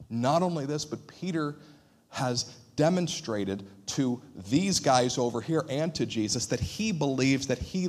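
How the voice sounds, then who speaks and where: This sermon comes from a pastor with a mid-range voice who speaks with sincerity. For emphasis he goes quiet and hushed, and he gives voice to the dialogue he quotes.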